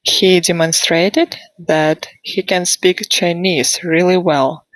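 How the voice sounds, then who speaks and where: A woman teaching a grammar lesson online, slowly modelling sentences for students to repeat and asking them questions. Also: fairly low pitch, fairly even intonation, dry recording. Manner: slow, deliberate modelling of sentences for repetition. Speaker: English teacher. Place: online class.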